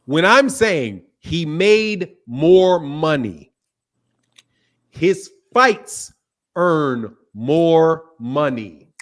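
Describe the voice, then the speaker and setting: A man's voice: a little high, lively intonation, extremely slow. A man hosting a boxing talk show, arguing heatedly, interrupting and swearing. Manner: combative, interrupting, profane. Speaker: boxing channel host. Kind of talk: heated debate.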